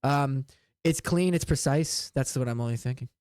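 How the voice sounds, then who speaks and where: A game master puts on a gruff male wood elf tracker for a tabletop game, his voice pushed low and his words slow and halting as he muses over tracks. The sound is close and dry. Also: darkish tone, dry recording, natural voice. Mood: musing.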